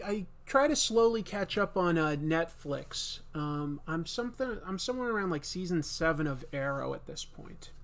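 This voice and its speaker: A man from Massachusetts hosting an art livestream, chatting casually as he draws. His talk rambles along with plenty of fillers, and his voice sits a touch higher than most men's. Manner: relaxed and rambling, with many fillers. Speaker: livestream host and artist. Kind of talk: casual chat while drawing.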